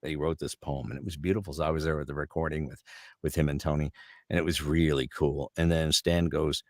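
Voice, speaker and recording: A middle-aged voice actor telling lively anecdotes as an interview guest. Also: male voice, rumbling low, no echo, studio quality. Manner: lively, fast-moving anecdotes. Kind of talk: anecdotal storytelling.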